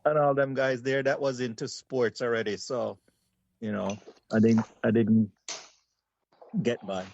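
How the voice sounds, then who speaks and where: A man's voice: medium pitch, level tone, measured pace, vocal fry, long pauses, a little mellow, lo-fi sound, slight background noise. A Jamaican man who is a guest on a podcast, talking in an easygoing way. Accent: Jamaican patois. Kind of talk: casual chat.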